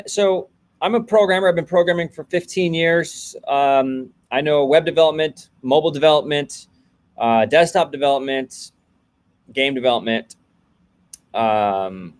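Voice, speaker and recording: Casual male host, 30s, running a coding livestream and greeting viewers by name. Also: medium pitch.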